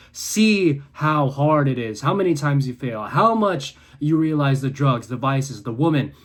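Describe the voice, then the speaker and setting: A young man in his twenties delivers a fervent, preachy talk straight to camera from his room. His voice sits at a middle pitch and swings between hushed, low moments and near-yelling bursts of conviction. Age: 20s. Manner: intense, preachy, swings between quiet and loud. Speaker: content creator. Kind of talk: passionate motivational monologue.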